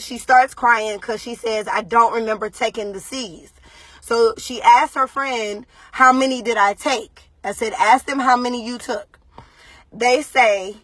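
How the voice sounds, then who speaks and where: A mother talking to viewers on a live video, shaken and pausing often with ums. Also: on the high side, a bit bright, no echo. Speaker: mother giving a livestream update.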